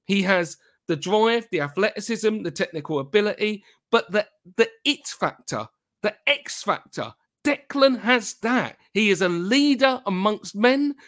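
A man hosting a casual football podcast, talking in an excitable, gushing way with halting restarts. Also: high voice. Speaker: podcast host.

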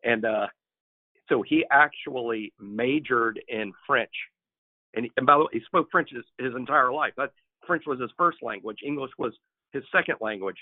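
A man co-hosting a podcast, telling a casual story with many fillers and lively quoted lines. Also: normal speed. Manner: hesitant with many fillers, acts out quotes with rising pitch. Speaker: podcast co-host. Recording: tinny phone-like dry line.

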